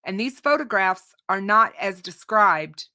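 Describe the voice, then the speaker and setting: A woman hosts a true crime show and talks unscripted to her audience in a slow, unhurried way. Her tone is bright and forward. She is opinionated, restarts and repeats words, and her voice is starting to go, with some throat clearing. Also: medium pitch, animated. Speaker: true crime channel host. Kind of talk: unscripted commentary to a live audience.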